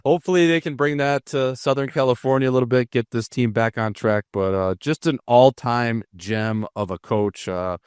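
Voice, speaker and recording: Smooth-voiced easygoing podcast man. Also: medium pitch, moderate pace, few pauses, a little mellow, no echo, clean studio sound. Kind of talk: casual hockey podcast banter.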